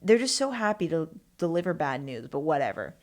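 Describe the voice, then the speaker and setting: A woman's voice: low-pitched, big pitch swings, a little fast, darkish tone. A woman hosting her own podcast, rambling and self-mocking in casual solo chat. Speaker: podcast host.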